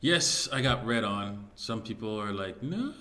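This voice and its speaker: Casual rambling man, low voice. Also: measured pace, pushed and bright. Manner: rambling, many fillers and restarts, chuckles at own jokes. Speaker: crypto video host. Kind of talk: casual market commentary.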